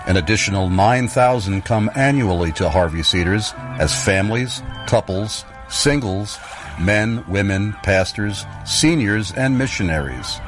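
A man with a fairly low voice reading a scripted radio sponsor spot in a smooth, measured announcer style. Clear background music plays beneath his words throughout. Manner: smooth, even announcer delivery. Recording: music bed under the voice.

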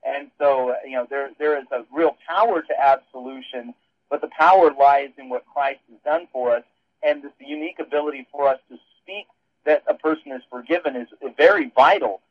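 A man's voice: mid-range voice, moderate pace, no room sound. A man on a radio show explaining theology in a rambling way, with frequent restarts. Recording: dull phone-line sound.

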